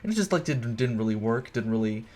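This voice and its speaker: A man's voice: medium pitch, lively intonation, fast, a little mellow. A young man tipsy and rambling, giving a casual, swearing, gushing commentary on a film with many fillers. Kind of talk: casual movie commentary over footage.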